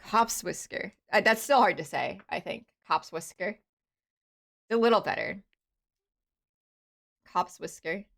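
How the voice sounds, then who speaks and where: A woman's voice: lowish voice, animated, slow, gravelly, pauses often, a bit bright. Rambling young woman streaming a game. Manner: rambling, with many fillers and restarts. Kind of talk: casual live-stream chatter while playing.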